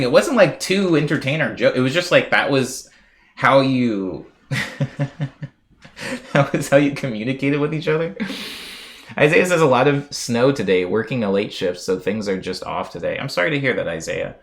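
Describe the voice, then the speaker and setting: A man's voice: mid-range voice, animated, moderate pace. A young man from the United States rambling casually as a live streamer, reading viewer messages aloud and chatting playfully with lots of fillers.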